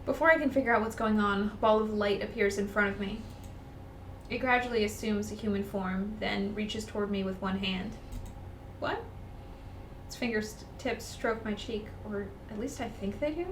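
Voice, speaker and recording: A woman co-hosting a let's-play, reading the game's narration aloud and breaking into excited chatter. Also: medium pitch, normal speed, recorded from a distance. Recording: roomy echo, off-mic, faint noise.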